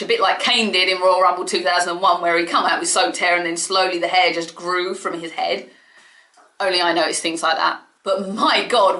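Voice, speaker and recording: A woman giving an excitable, chatty solo review of a wrestling show from her home. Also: medium pitch, reverberant. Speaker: wrestling vlogger. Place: home room.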